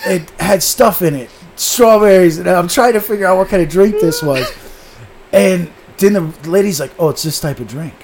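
Man, profane animated storyteller, slightly high voice, faint background noise. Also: moderate pace. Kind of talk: casual storytelling chat.

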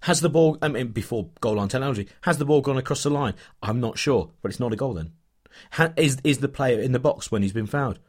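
A man's voice: mid-range voice, quick pace, breathy edge. A man from England co-hosting a football podcast, telling a rambling story full of fillers and restarts. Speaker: podcast co-host, football fan. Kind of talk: casual chat, storytelling.

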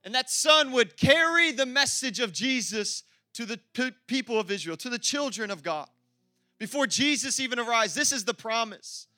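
A man preaching a sermon as pastor, energetic and exclamatory, with playful asides to the congregation. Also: very high-pitched, normal speed, no echo, studio quality, soft background music.

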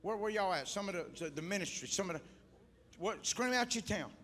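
A male evangelist preaching fervently at a church altar call, shouting one moment and coaxing quietly the next as he calls back and forth with the congregation. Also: sits high, animated, brisk. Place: church service before a congregation.

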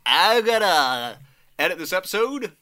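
A man's voice: high voice, sing-song, a little slow, bright, forceful tone. A man co-hosting a podcast, laid-back and teasing in casual chat. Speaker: podcast co-host and editor.

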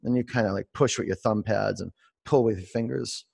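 A man teaching a guided online yoga class, mixing calm meditative coaching with direct instructions and calling students by name. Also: on the low side, a little fast, creaky, breathy edge.

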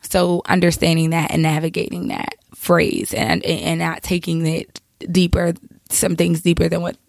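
A woman hosts her podcast while nursing a cold, her low voice heavily gravelly with vocal fry. She talks in a chatty, rambling way and keeps dropping in asides. The sound is dry and close to the mic. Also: flat delivery, normal speed, darkish tone, no room sound. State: has a cold. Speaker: podcast host. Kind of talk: casual advice monologue.

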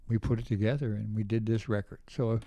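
A man's voice: fairly low pitch, fairly even intonation, a little fast, dark tone. An older man telling rambling anecdotes as an interview guest, often acting out the voices of people he quotes. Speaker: guest musician. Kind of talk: casual storytelling interview.

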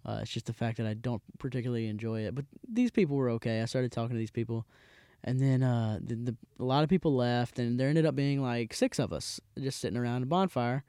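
A man's voice: mid-range voice, fast, clean tone, dry recording. Dry-voiced young man telling a rambling story. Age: 20s. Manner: rambling, with frequent restarts and animated quoted voices. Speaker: podcast host. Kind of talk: casual storytelling.

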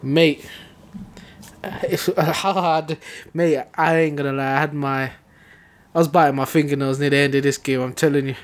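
A man recounts the match in an animated, excitable run of casual podcast chat. His voice sits a little higher than most men's. He talks like a fan reliving every moment. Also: moderate pace. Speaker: podcast co-host.

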